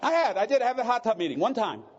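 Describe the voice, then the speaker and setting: A man's voice: extremely high pitch, sing-song, fast, slightly rough, lo-fi sound. A middle-aged man speaking at a recovery convention, telling candid, joking and emotional stories from his own life. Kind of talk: personal testimony talk.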